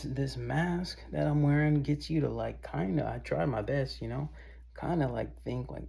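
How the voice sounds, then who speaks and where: Deep, gravelly man rambling to camera. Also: unhurried, mellow. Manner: loose and meandering, often says "bro" and "y'all". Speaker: vlogger. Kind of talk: casual rambling monologue to camera.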